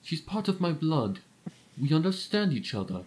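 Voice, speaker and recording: A man voicing a vain aristocratic pony prince in a fan-made cartoon dub, soft-spoken and earnest. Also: on the high side, very animated, normal speed, heavy background noise. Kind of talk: fan voice acting.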